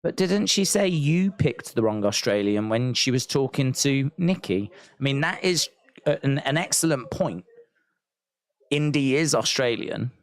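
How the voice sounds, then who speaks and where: Stream host, male, animated pitch swings, dry close mic, rambling chat. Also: measured pace, no echo. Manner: rambling, thinking aloud, reads chat comments. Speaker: wrestling watch-along host. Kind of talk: live-stream reaction chat.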